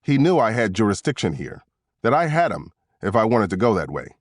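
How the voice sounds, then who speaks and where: Low-voiced male thriller narrator. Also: fairly quick, no room sound, clean studio sound. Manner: steady, tense storytelling. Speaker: audiobook narrator. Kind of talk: scripted first-person narration.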